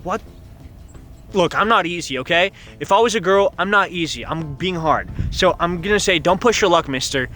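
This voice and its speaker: With a sharp, animated voice at normal speed, a young man playing a story game outdoors reads its dialogue aloud. The gaming YouTuber is playful, doing characters in high falsetto and wandering off into rambling jokes.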